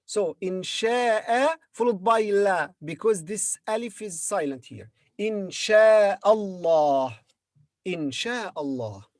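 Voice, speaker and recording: A man gives a very slow, patient language lesson. He repeats each word carefully and stops often to hesitate. The sound is dry and close, with no room echo. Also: sits high, expressive. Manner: patient, repeats words slowly with hesitant fillers. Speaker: Arabic teacher.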